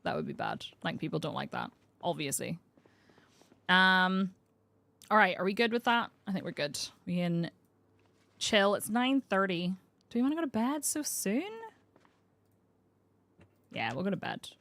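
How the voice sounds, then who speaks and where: A woman's voice: on the low side, sing-song, unhurried, gravelly, pauses often, a bit bright. Chatty Northern Irish woman streamer. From Northern Ireland. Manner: chatty, rambling, laughs often. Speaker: variety streamer. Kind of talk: casual live-stream commentary.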